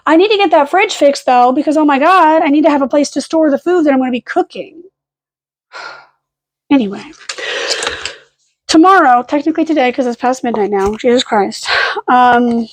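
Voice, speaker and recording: Late at night at home, a young woman vlogs from a camera on a fixed stand, rambling casually, swearing now and then, and cooing at her dogs. Her voice is high, with slight background noise.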